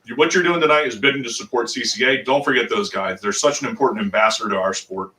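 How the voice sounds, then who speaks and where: Upbeat guy hosting a charity stream, bright voice, echoey shop, a bit off mic. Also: mid-range voice, fast, distant mic. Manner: chatty, enthusiastic, thanks supporters. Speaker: host of a charity fundraiser. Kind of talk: live-stream fundraiser hosting. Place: fishing shop.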